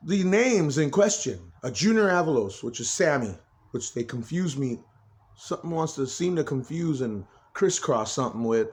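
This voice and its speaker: A man's voice: a little high, sing-song, normal speed. A man talking straight into a phone camera in a rambling personal monologue, agitated, swearing freely and repeating himself. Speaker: vlogger.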